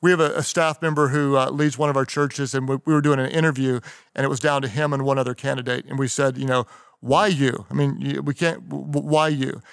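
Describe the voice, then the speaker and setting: A middle-aged man, a pastor, giving a leadership teaching talk with emphatic, punchy repetition, slowing down to stress key lines. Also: mid-range voice, flat delivery, vocal fry, smooth, dry recording, clean studio sound. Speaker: pastor and leadership podcast host.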